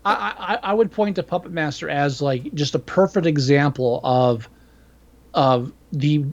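Swearing guy rambling about direct-to-video horror, kinda high voice, muffled lo-fi sound. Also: measured pace. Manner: profane, rambling, opinionated. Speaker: podcast co-host. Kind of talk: casual movie review chat.

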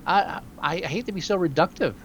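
A man co-hosting a podcast in casual movie chat, wry and opinionated, quick to joke. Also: sits high, lively intonation, slight background noise. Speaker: podcast co-host.

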